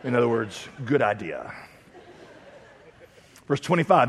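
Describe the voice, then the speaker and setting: A man preaching a sermon in a blunt, lively, joking way with touches of sarcasm. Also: fairly high pitch, fairly quick, breathy edge, long reverb tail. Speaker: pastor.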